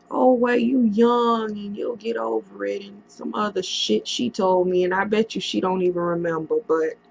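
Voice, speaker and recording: A woman speaks slowly into a computer mic, her voice gravelly with vocal fry. She tells a painful story from her past in a casual vlog, pausing and using fillers often. The audio is dull and lo-fi. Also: medium pitch, a bit bright. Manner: halting, emotional retelling with many pauses and fillers.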